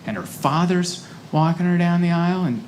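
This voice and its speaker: A young adult man performing a stand-up comedy set on a club stage into a handheld mic, shifting from deadpan storytelling to loud, animated punchlines. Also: high voice, moderate pace. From United States. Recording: live club room with audible noise.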